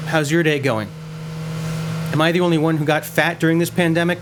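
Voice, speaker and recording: A man talks his way through a clumsy driving game from his messy room, self-mocking and prone to tripping over his words. His voice sits a little high for a man. Loud car and engine noise from the game runs under his voice. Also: a little fast. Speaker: let's-play gamer. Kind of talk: casual gameplay commentary. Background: loud car and game sounds.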